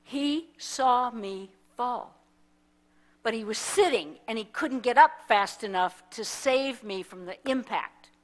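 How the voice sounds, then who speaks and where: A woman pastor with a somewhat high voice tells a story from the pulpit. She is animated and acts out the people in the story as she speaks. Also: takes it slowly. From United States. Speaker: minister. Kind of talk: sermon storytelling. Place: church sanctuary.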